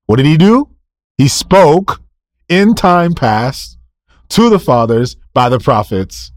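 Emphatic preacher with slow, deliberate delivery. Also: male voice, fairly high pitch, animated, a little mellow, no echo, studio quality. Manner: emphatic, fires rhetorical questions and answers them himself, repeats key phrases. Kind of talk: sermon.

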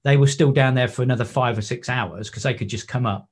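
A man's voice: mid-range voice, fast, breathy edge. A man, a wreck diver and photographer, telling stories in a podcast interview. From England. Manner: animated anecdotes with acted-out quotes.

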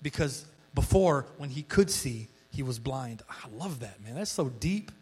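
A man's voice: medium pitch, measured pace, breathy edge, soft background music. A male pastor preaching a sermon in a conversational storytelling way, with frequent restarts. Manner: conversational storytelling, frequent restarts, rising excitement when acting out quotes.

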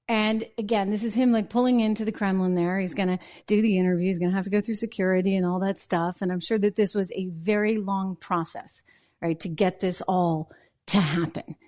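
A woman hosting a live political commentary show, talking in a chatty way with quick asides and restarts and wry laughs at her own points. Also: mid-range voice, a little mellow.

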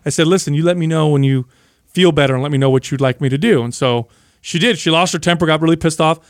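An energetic man in his thirties tells a story with plenty of emphasis. His voice sits a bit high for a man. The recording is dry and close-miked. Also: quick pace, clear, resonant tone, dry recording. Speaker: podcast co-host. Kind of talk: casual chat.

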